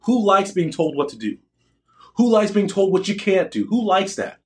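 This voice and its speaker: A young adult man gives students a motivational talk, boastful and emphatic, frequently throwing questions to the audience. His voice is high-pitched and a little mellow, very animated, at a moderate pace.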